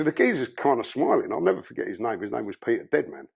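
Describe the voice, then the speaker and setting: A man's voice: mid-range voice, huge pitch swings, fast, creaky, hardly any pauses, a little mellow, slightly rough. A man from London with a London accent, a podcast guest telling his life story in blunt, profane, casual talk.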